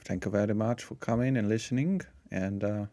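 A middle-aged man co-hosting a parish podcast in relaxed casual chat, laughing easily and restarting his sentences. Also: on the low side, brisk, no room sound.

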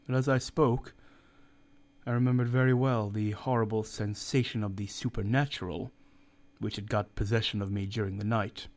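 A man reading a story aloud as narrator, steady and measured. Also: fairly low pitch. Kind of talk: audiobook reading.

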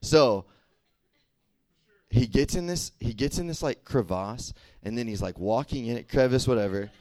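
A young man delivers a casual youth sermon in an easygoing, talkative way. He keeps checking in with his listeners and fills his sentences with fillers. His voice sits at an ordinary middle pitch, and the recording is dry with no room echo. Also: moderate pace. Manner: chatty and animated, many fillers and "right?" check-ins. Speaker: youth pastor.

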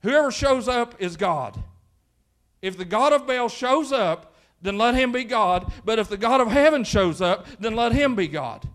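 A male pastor preaches by retelling a story with lively energy, often restarting his phrases. His voice sits high for a man. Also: unhurried. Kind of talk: sermon storytelling.

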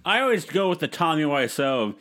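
A man's voice: fairly high pitch, sing-song, fairly quick. A man co-hosting a podcast, joking around in casual banter and acting out quoted lines. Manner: joking, acts out quotes with big shouted swings. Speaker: podcast co-host.

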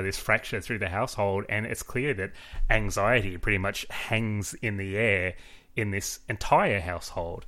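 A man co-hosting a book club podcast in casual chat, talking in a thoughtful, measured way with hedging pauses. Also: fairly low pitch, a bit bright.

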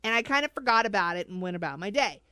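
A woman hosting a casual chat, telling a story in an animated way with frequent laughs and pleading asides. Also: mid-range voice, fast, clear, resonant tone, no echo, clean studio sound.

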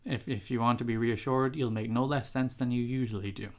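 A man's voice: medium pitch, steady tone, brisk. A man with an ordinary mid-range voice co-hosts a casual podcast. He teases his co-host, jumps in often and keeps the talk playful. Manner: teasing, interrupts often.

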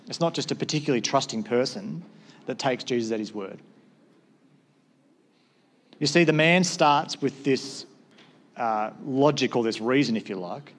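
A man's voice: medium pitch, moderate pace, pauses often. A man, a pastor with school-age kids, preaching a sermon in a conversational way and acting out short exchanges.

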